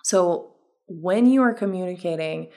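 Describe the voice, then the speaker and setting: A woman with a somewhat low voice and a noticeable vocal fry talks through her own podcast. She speaks casually and reflectively, as a health coach would, often leaning on fillers like "um" and "like" as she works through her ideas. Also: unhurried. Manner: relaxed and reflective, with frequent fillers like "um" and "like". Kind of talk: casual solo podcast monologue.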